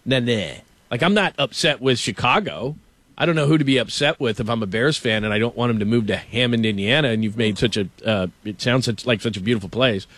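A man hosting a casual sports talk show, ranting with animated stammers about a team's stadium. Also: medium pitch, quick pace. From Los Angeles. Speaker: show host.

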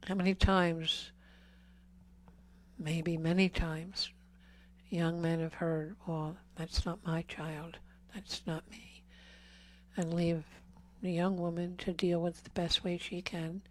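Woman, earnest lay preacher, slow measured delivery, low flat voice, whispered emphasis. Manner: slow and earnest, drops to whispers on key words; pleading repeated questions. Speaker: speaker at a healing service. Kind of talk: Catholic talk to a congregation.

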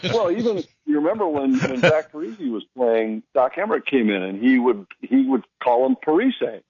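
On a muffled recording, a man with a husky mid-range voice speaks at a moderate pace. A hockey announcer chatting casually on the radio, he tells stories and performs the voices of those he quotes.

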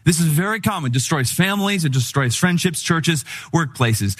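A middle-aged man preaching a sermon in a conversational, humorous style, telling animated stories. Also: mid-range voice, brisk, hardly any pauses. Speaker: pastor.

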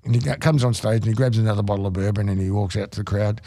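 A middle-aged man with an Australian accent, telling rambling stories on air, halting with many restarts and fillers. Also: fairly low pitch, dark tone, slight background noise. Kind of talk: casual storytelling on radio.

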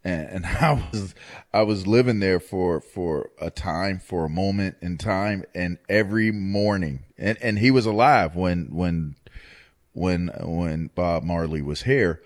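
A man's voice: deep voice, a little slow. A man in casual chat telling a story in a playful, drawling way.

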